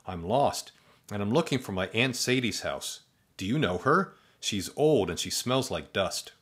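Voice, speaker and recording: Guy doing lost cranky drew, whiny, kinda low voice. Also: expressive, unhurried, a bit bright. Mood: grumbling. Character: lost, grumpy, muddled young man Drew.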